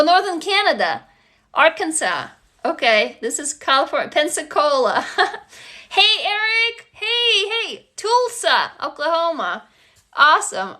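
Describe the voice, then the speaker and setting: A woman from Russia hosting a casual live stream, frank and animated, swearing freely and calling out excited shout-outs to viewers, talking into a phone. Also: on the high side. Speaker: livestream host and writing teacher.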